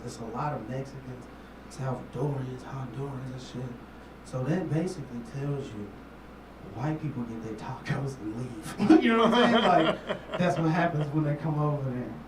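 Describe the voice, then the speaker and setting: Onstage in a noisy, roomy club, heard from a distance, a Memphis comic in his 30s tells loose and profane stories, often laughing and wandering into asides. His voice is medium in pitch and moderate in pace.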